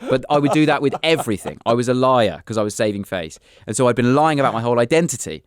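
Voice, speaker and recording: This British man in his thirties is a comedian guesting on a casual podcast, talking fast in a mid-range voice. He spins funny anecdotes with lively energy and acts out the voices, his tone clean in a studio-quality recording with no room sound.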